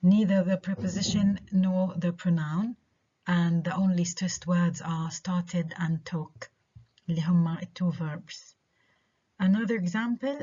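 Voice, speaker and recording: A woman with a Levantine Arabic accent, a native Arabic speaker, giving a recorded online university lecture, repeating each example slowly and mixing English with Arabic. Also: lowish voice, steady tone, mellow, breathy edge, highs cut off. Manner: switches between English and Arabic, slow careful repetition of examples.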